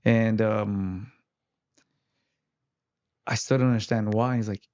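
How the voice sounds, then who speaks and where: A man's voice: lowish voice, fairly even intonation, unhurried, pauses often, a little mellow, muffled recording. A man, an interview guest who fights, telling his story in casual chat with many fillers. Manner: rambling, lots of "like" fillers.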